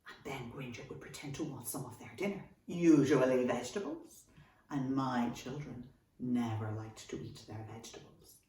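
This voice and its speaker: An Irish woman and children's author giving a storytelling workshop for kids in an animated, expressive way. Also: a bass voice, normal speed. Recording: echoey room, from a distance.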